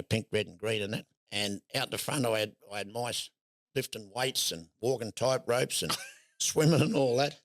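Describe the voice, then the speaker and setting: Older aussie bloke telling a rambling yarn, laughs a lot, dead dry sound. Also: male voice, medium pitch, no echo. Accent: Australian. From Australia. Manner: rambling yarn-spinner, acts out voices, laughs often. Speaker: guest, showman. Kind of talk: casual storytelling.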